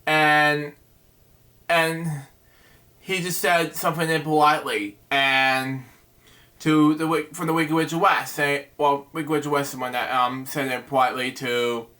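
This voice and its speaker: A man hosting a bedtime story show, reading a picture book aloud in a halting way, stumbling over words and breaking off with asides. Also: on the high side, level tone, sharp tone. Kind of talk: casual read-aloud with asides.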